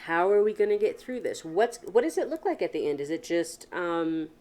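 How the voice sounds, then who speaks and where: A woman's voice: lowish voice, lively intonation, moderate pace, darkish tone. A woman hosting a solo podcast, talking earnestly and frankly, posing many questions and swearing casually. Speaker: podcast host. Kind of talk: reflective solo podcast monologue.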